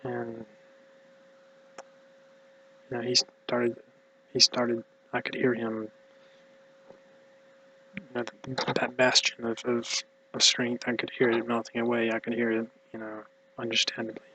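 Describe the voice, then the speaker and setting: An exhausted man talks in a mumbly, halting ramble that keeps slipping into near-whispers. His voice has a bright edge but almost no rise and fall. A faint hum sits under it. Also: medium pitch, completely flat delivery, rough recording. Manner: halting, hushed, drifting into whispers. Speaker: vlogger. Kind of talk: rambling personal monologue.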